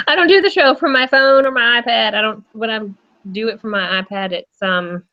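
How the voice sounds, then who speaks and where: A woman's voice: a little high, normal speed, bright, forceful tone, lo-fi sound. Chatty woman hosting a live interview. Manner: chatty, laughs often, lots of fillers. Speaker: host.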